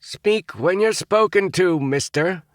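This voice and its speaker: A man's voice: a little high, expressive, measured pace, dry recording, studio quality, voice pushed up. A man voicing a young male cadet upperclassman who snaps mock-stern orders. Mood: snapping.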